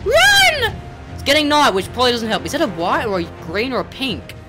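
A young man talks through his game in a high, bouncy voice that swings all over the place. He rambles and yelps at the creatures chasing him, with faint game music playing underneath. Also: animated, quick pace. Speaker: gamer. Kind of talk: let's play commentary.

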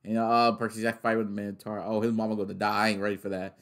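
A young man reacting to a trailer in a casual way, excitable and loud, swearing and laughing often. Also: on the low side, fast talker. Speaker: reaction video host.

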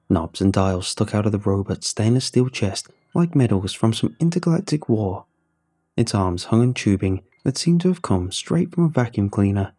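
A man narrating a horror story in a measured, somber way. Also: fairly low pitch, warm tone, breathy edge. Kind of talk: scripted narration. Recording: faint music under the narration.

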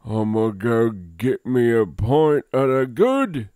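A man voicing a rough lower-class London thug in a put-on Cockney accent, loud and brash, making threats. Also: animated, takes it slowly, no room sound, studio quality. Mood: menacing.

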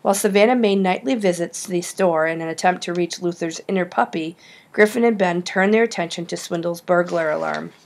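Woman reading an audiobook, lively storyteller, bit of a gravelly fry. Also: on the low side, brisk. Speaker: audiobook reader. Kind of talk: audiobook narration.

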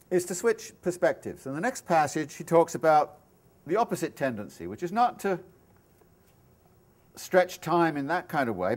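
Guy lecturing a class, kinda high-ish voice, thinks out loud and restarts a lot. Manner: thoughtful, explanatory, with restarts and asides. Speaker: professor lecturing. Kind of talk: university lecture. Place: lecture room.

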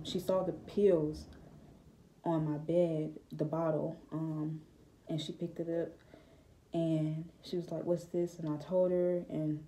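A woman's voice: deep voice, dark tone, slight background noise. A young woman giving a hesitant, reflective personal testimony straight to the camera, with many fillers. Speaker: vlogger.

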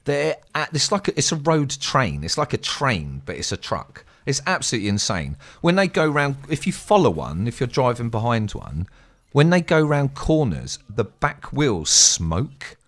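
An English man telling a rambling, sweary story in a casual, animated way as a streamer. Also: mid-range voice, normal speed. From England.

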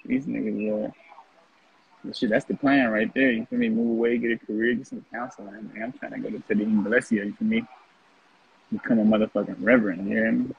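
A brash man talks in a blunt, mocking monologue full of swearing. His voice is gravelly and deeply hoarse, with a rough crackle at the bottom. It comes through thin, phone-like lo-fi audio. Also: expressive, fairly quick. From North Richmond, California. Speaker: former prison inmate telling his story. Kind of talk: casual profane monologue.

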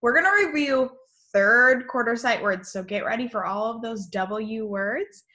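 Woman teacher, remote lesson for small children, slow and sing-song, bright voice, fairly high.

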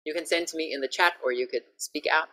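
A woman teaching English pronunciation in an online lesson over a video call, patiently repeating each word clearly. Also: sits low, quick pace, bright, forceful tone.

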